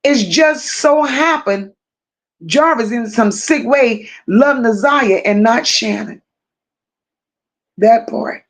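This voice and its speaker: A woman hosting a live stream, reading viewer comments aloud and answering them, who talks slowly, repeats phrases for emphasis and speaks to her viewers like close friends. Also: a little high.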